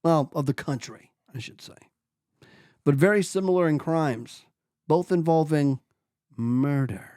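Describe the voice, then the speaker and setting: Slow, easygoing male podcast host. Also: fairly high pitch, dark tone, clear, resonant tone, no echo, studio quality. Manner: bantering, reads promos steadily. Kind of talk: casual podcast banter.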